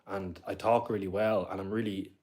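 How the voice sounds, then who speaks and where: Low-pitched and a bit dark in tone, this young Irishman with a Dublin accent speaks at normal speed with fairly even intonation. He rambles chattily on a live stream, talking back to viewers and reading out their comments.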